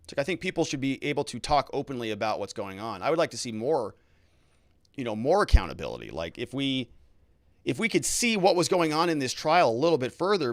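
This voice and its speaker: A man's voice: medium pitch, dry recording, clean studio sound. A man, a lawyer, hosting a casual livestream, talking through legal news and reading viewer comments in a conversational, hedging way.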